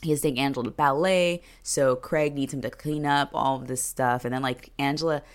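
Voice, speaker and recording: A woman's voice: rumbling low, fairly even intonation, a little fast. A woman co-hosting a podcast, recapping a TV episode in casual chat, rambling with lots of fillers and sarcastic asides.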